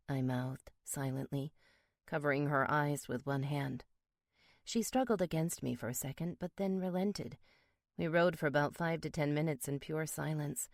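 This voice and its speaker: A woman narrating a first-person romance audiobook in a steady, measured way. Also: low-pitched, no room sound, studio quality.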